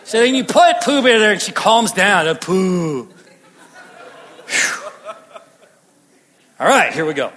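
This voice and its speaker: High-voiced breathless preaching man. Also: takes it slowly, long pauses. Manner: animated, swinging from loud bursts to hushed lines. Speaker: pastor. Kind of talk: sermon. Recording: long hall reverb.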